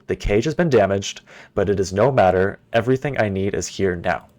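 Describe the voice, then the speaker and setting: A man's voice: lowish voice, brisk, darkish tone, lightly acted. A man reading aloud as an arrogant older tyrant who writes scornful journal entries in a game. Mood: haughty.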